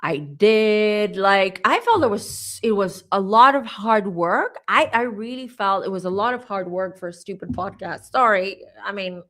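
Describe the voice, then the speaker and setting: A woman in her forties tells a story to her viewers in a casual, animated way. She talks straight to her audience as a psychic channel host, breaking off for asides. Her voice sits at an ordinary middle pitch.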